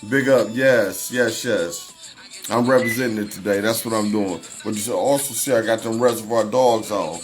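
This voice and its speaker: A man's voice: fairly low pitch, moderate pace, faint music behind. A man hosting a casual livestream, greeting viewers by name and talking over the news in a loose, conversational way. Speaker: livestream host.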